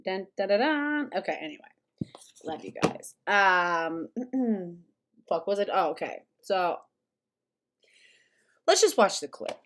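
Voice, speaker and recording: A woman's voice: fairly low pitch, expressive, slow pace, pauses often, a bit bright. A woman hosting a casual livestream, talking bluntly and sarcastically with plenty of swearing and chatting with her viewers. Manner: chatty with live chat. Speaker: commentary streamer host.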